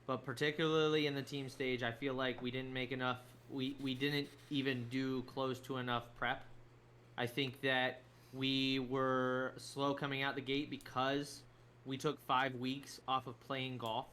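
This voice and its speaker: A man co-hosting a sports podcast, chatting casually in an animated, argumentative way, often repeating himself. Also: mid-range voice, a little slow, a little hiss or hum. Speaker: podcast co-host. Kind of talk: casual chat.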